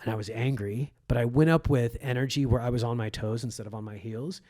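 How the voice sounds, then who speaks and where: A man's voice: medium pitch, quick pace, dark tone, no echo, clean studio sound. A comedian in his forties who grew up in Egypt, telling stories in a casual podcast conversation, acting out quoted voices and swearing freely. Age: 40s. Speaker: comedian guest.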